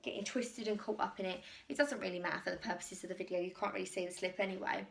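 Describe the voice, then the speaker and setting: A woman's voice: mid-range voice, steady tone, fast talker, vocal fry. A woman with an English accent rambling casually through a clothing try-on vlog at home, self-deprecating and a little out of breath. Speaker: YouTuber doing a clothing try-on haul. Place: home, indoors.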